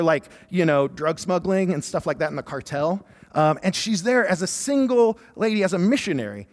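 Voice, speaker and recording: A youth pastor in his thirties, preaching with lively, self-deprecating stories and humor. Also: high-pitched, long reverb tail. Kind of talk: sermon with personal stories.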